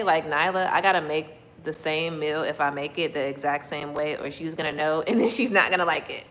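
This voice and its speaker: Woman, casual live chat host, slightly low voice, lots of laughter and acted-out quotes, talking from her kitchen. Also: fairly quick, hardly any pauses, slight background noise, poor audio. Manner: chatty and animated, laughing often and acting out quotes. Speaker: livestream host chatting with viewers.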